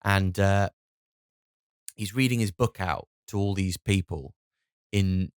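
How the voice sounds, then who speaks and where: A man's voice: low voice, slow, clean tone, no echo, studio quality. A British man, a comedian hosting a solo podcast, rambling and swearing with lots of restarts.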